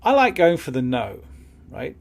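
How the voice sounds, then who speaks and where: A man teaching phone appointment-setting in a calm, matter-of-fact way, with light chuckles. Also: mid-range voice, moderate pace, vocal fry. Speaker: business skills trainer. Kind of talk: instructional talk on phone sales.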